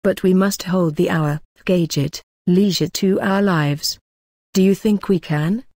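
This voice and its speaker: A woman's voice: fairly low pitch, a little slow, dark tone, no echo, studio quality. A woman reading the lines of an ardent young man in love, effusive and poetic, in an audiobook.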